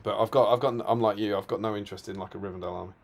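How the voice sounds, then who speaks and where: Brief: male co-host, lowish voice, relaxed banter, soft endings to sentences. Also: rapid-fire, gravelly. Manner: laughs often, trails off quietly at the end of sentences. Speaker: co-host of a tabletop wargaming stream. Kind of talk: casual chat.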